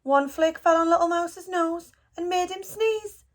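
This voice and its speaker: A woman with a fairly high voice reads a children's picture book aloud. She tells the story gently and expressively, the way a teacher reads to a class. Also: unhurried. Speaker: school storybook reader.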